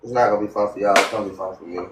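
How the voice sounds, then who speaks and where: A man's voice: lowish voice, echoey room, recorded from a distance, noisy background. A man hosting a casual livestream radio show, talking loosely and rambling about his music. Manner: loose, rambling, talks over others.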